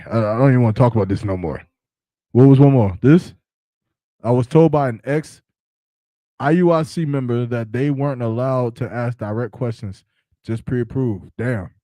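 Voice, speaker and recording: Mellow-voiced guy hosting a podcast, slangy and joking, dry sound. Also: mid-range voice, moderate pace, long pauses, no echo. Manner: loose, slangy, laughing and joking. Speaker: podcast host. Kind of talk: casual podcast chat.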